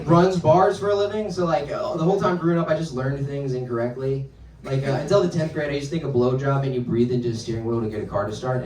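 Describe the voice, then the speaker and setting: A young man doing stand-up in a club, his slightly high voice carrying through a roomy space. Loud laughter from the crowd keeps breaking in. He rambles in a self-deprecating way and acts out the voices he quotes. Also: distant mic. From North Carolina, USA. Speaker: stand-up comedian. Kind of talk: stand-up comedy set. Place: comedy club with a laughing audience.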